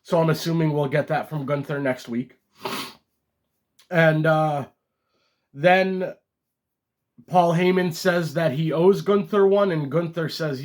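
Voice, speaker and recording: A man's voice: fairly high pitch, slow, pauses often. A man giving a casual, enthusiastic recap of a wrestling show, talking off the cuff with frequent ums and restarts.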